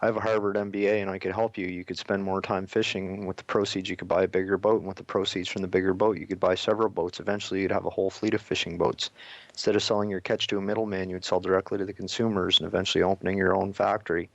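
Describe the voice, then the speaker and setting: A man hosting a radio interview, speaking quickly with halting restarts and reading a story aloud. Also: sits low, little pitch movement, creaky, dry recording, highs cut off. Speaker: radio host.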